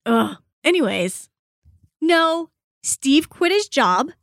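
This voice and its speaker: A talkative woman chatting on a podcast, laughing easily between thoughts. Her voice sits a little on the high side. The sound is dry and close, with no room around it. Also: sing-song, slow pace, vocal fry, fairly bright tone, no echo. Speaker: podcast co-host. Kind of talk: casual chat.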